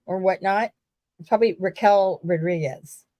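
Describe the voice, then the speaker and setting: Chatty woman, low voice, dry sound. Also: normal speed, no echo, highs cut off. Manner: rambling, animated, swears casually. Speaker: podcast co-host. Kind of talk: casual wrestling chat.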